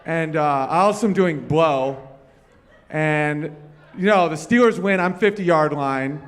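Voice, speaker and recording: A man's voice: on the high side, slow pace. A man doing stand-up comedy on a live stage, talking with the crowd and rambling through loose, profane stories.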